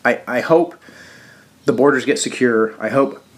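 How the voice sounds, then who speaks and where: A man hosting a show, giving a casual political commentary monologue in a halting way with frequent restarts and fillers. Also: medium pitch. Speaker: show host.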